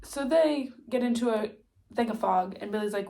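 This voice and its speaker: A woman's voice: mid-range voice, normal speed, darkish tone. Stuffy-nosed woman chatting through a recap. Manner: chatty, lots of "like" and "um" fillers. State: stuffy nose. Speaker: TV recap vlogger. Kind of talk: casual spoken recap.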